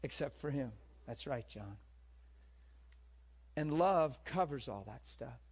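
A man's voice: mid-range voice, lively intonation, slow pace, darkish tone, breathy edge. A man preaching a sermon to a live audience, telling stories and asking the room questions. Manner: storytelling, asks the room questions.

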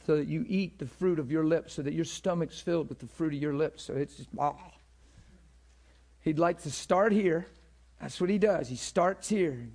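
A man delivers a sermon-style teaching to a live class in a fairly high voice. He talks conversationally, stopping often to check that his listeners follow. He repeats words as he builds toward a point. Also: a little mellow.

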